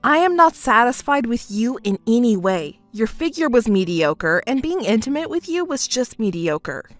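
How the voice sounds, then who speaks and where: A boastful, crude cheating husband, voiced by a woman for a text-story voice-over. The delivery is smug and dismissive, pitched somewhat high. The sound is close and dry. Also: sing-song, normal speed, no room sound, faint music behind.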